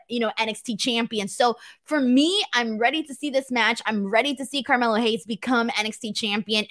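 Chatty Californian woman, slightly high voice. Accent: Californian, Valley girl. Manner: chatty, self-mocking, reads viewer chat aloud. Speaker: wrestling show host. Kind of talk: casual livestream commentary.

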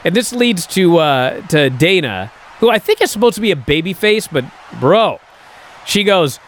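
Speaking at a moderate pace in a high voice, a male podcast host recaps events casually and with disbelief. His storytelling is animated and full of fillers like "uh" and "and so."

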